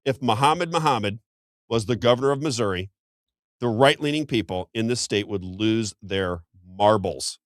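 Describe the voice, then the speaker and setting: A man's voice: on the low side, lively intonation, moderate pace, no echo, clean studio sound. A man hosting a political talk show, talking in a heated way with frequent stumbles and restarts. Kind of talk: political commentary.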